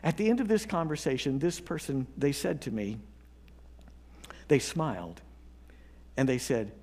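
A man pastor delivering a sermon, telling a story with earnest pauses and building to emphatic appeals. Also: mid-range voice, expressive, darkish tone.

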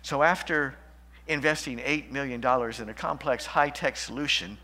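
A man preaching a sermon as pastor, shifting between loud emphatic lines and hushed, slow passages. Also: mid-range voice.

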